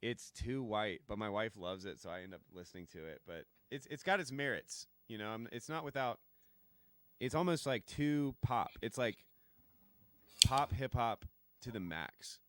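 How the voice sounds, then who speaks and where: A man talking casually on a stream, his pitch rising and falling freely. He is opinionated but easygoing and leans on filler words. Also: animated, normal speed, a bit bright, a little hiss or hum. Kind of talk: casual chat.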